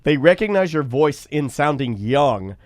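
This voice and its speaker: A man's voice: fairly high pitch, very animated, unhurried, no room sound, studio quality. A male podcast co-host chatting casually, wry and often laughing. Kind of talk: casual chat.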